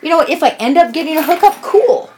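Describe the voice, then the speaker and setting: A woman's voice: sits high, rapid-fire, a little mellow, a little hiss or hum. A woman telling a casual personal story, rambling and swearing freely, acting out quoted dialogue as she goes.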